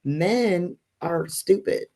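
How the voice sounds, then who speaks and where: Low, unhurried woman co-host. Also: animated, mellow, slight background noise. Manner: candid, storytelling, drops to a whisper for gossip. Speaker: podcast co-host. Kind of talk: casual chat.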